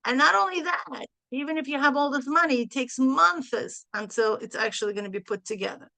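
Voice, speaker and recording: Middle-aged woman leading a group, animated storyteller, bright, gravelly voice, slightly high. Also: fairly quick, no room sound. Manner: animated, acts out both sides of a phone call; sprinkles in Hebrew and Yiddish phrases. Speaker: mastermind group leader.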